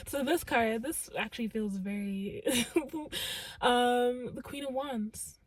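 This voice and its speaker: Young woman doing a tarot reading, high breathy voice, earnest and emphatic, says like a lot. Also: slow. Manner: earnest and emphatic, heavy use of "like" and "literally". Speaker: tarot reader. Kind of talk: casual channeled tarot reading.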